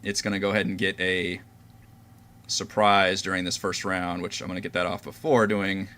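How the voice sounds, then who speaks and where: A man narrating as game master of a tabletop game, describing scenes slowly and deliberately. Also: deep voice, flat delivery, bright, forceful tone.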